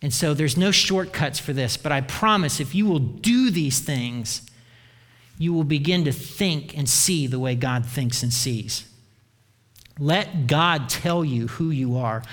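A man with a high voice preaches a sermon from the pulpit. He talks earnestly and lets his voice sink quietly at the end of key lines. A long reverb from a big church hall hangs behind every word. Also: measured pace. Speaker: pastor.

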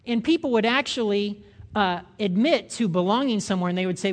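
An older man preaching a sermon, animated, acting out the voices of the people he quotes. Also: high-pitched, fairly quick. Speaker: pastor.

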